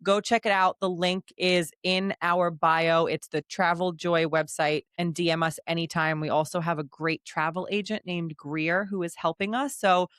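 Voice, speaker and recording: A woman's voice: lowish voice, normal speed, hardly any pauses, smooth, dry recording, clean studio sound. A woman co-hosting a book podcast, wrapping up the episode and promoting upcoming events in an upbeat, casual way. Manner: upbeat, promotional, lively delivery. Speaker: podcast co-host.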